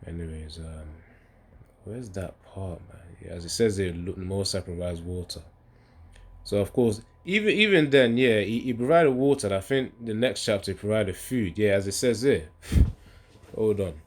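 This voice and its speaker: A man's voice: on the low side, expressive, moderate pace, husky. A man giving a casual, rambling scripture talk. He often stops to search for verses and reads them aloud with rising emphasis. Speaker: bible teacher.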